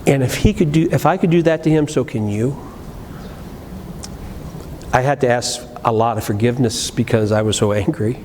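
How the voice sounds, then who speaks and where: A middle-aged man preaching a sermon, telling a personal story, moving between loud emphatic lines and low quiet asides, with frequent restarts. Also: normal speed, pauses often. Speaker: pastor. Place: church sanctuary. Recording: live church recording with long reverb and faint room noise.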